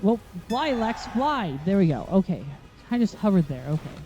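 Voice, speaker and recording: A let's-play host with a mellow, dark tone whose voice is wearing hoarse. They talk through gameplay, griping and swearing as the game fights back. Faint game music plays underneath. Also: mid-range voice, big pitch swings, a little fast, highs cut off. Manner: easily frustrated, swearing and complaining at the game. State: hoarse, voice going. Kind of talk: gameplay commentary.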